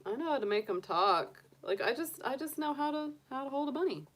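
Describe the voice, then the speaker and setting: A woman's voice: high-pitched, expressive, a little fast. A middle-aged woman chatting casually on a livestream and cooing baby talk to her pet rabbit. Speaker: tarot reader and astrologer.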